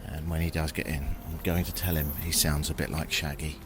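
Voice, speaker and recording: A man's voice: rumbling low, little pitch movement, fairly quick, music in the background. A British man hosting a travel podcast, chatting casually and wryly outdoors on a river raft and at a jungle kitchen, with the odd swear. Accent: British English. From Britain. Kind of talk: casual travel audio diary. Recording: outdoor field recording with insect noise. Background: chirping birds and crickets.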